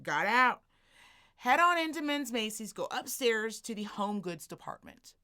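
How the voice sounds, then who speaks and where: A woman co-hosting a podcast, telling a story as a profane, animated rant and acting out the people in it. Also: fairly high pitch, measured pace, clear, resonant tone. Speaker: podcast co-host.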